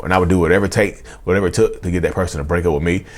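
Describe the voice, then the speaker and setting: A man in his thirties with a very deep voice, rattling off his life story at a quick clip. He speaks straight to the viewers, leaning on "y'all" and "you know." When he reenacts past arguments, his voice jumps up high and loud. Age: 30s. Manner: animated, acts out past outbursts in a loud high voice. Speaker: vlogger. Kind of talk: confessional storytelling.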